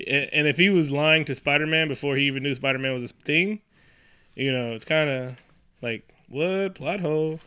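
A man co-hosting a casual movie recap, profane and animated, slipping into mocking quoted voices. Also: a little high, moderate pace, smooth. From New York. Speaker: podcast co-host.

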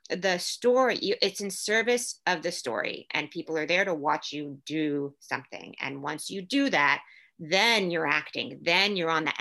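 A woman actor, a guest in a casual interview, talking emphatically and building her points in quick chains. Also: on the low side, pushed and bright.

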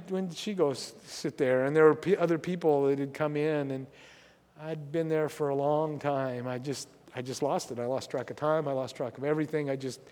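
A middle-aged man preaching a sermon as pastor, conversational and halting with many restarts, going soft and quiet in tender passages. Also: fairly high pitch. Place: church sanctuary. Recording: long reverb from a church sanctuary.

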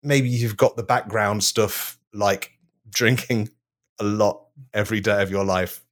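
A man's voice: lowish voice, fairly even intonation, a little slow, a bit bright. A man co-hosting a comedy podcast, telling rambling stories in casual chat and laughing often. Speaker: podcast co-host.

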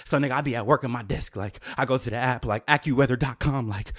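A young man telling a story to his viewers in a casual, profane, animated way, often jumping up into a high exclaiming voice. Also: fast talker. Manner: profane, slangy, addresses viewers directly.

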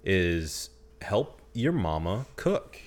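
A man hosting a podcast in casual chat, easygoing and measured, working through his points with plenty of fillers. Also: low-pitched, big pitch swings. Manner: easygoing and measured, hedges with fillers while explaining. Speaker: podcast host.

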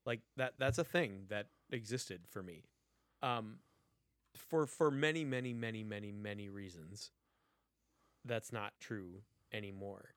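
A man's voice: on the low side, measured pace, fairly bright tone, dry recording, clean studio sound. A man co-hosting a podcast, ranting in a casual, exasperated way with plenty of swearing. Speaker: podcast co-host. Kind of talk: casual chat.

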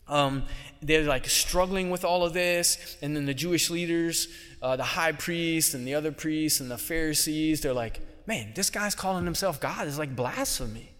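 A man's voice: a little high, fairly bright tone. A man giving a conversational homily, dropping briefly into casual voices for biblical figures. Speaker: preacher. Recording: long reverb of a large hall.

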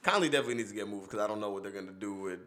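A man co-hosting a podcast who chats about sports in a relaxed way and often agrees, hedges, or scales back his own takes. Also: on the low side, very fast. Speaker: podcast co-host. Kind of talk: casual sports talk.

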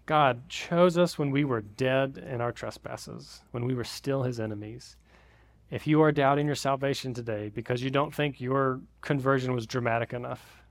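A man in his thirties preaching a sermon in a church, talking in a casual, conversational way. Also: mid-range voice. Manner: conversational, re-enacting family greetings with big voices. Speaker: pastor. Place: church sanctuary.

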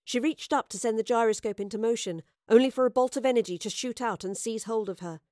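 Woman, audiobook narrator, measured, expressive, higher voice, dry. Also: no echo.

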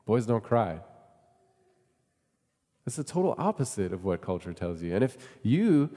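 Man, pastor, relaxed sermon, mellow voice, long hall reverb. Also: fairly low pitch, a little slow, long pauses. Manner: conversational, asks the congregation questions.

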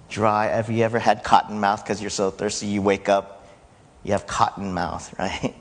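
A man preaching a sermon to his church in a conversational way, rising loud when he quotes. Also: on the low side, flat delivery, moderate pace. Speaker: pastor. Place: church sanctuary. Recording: church hall reverb.

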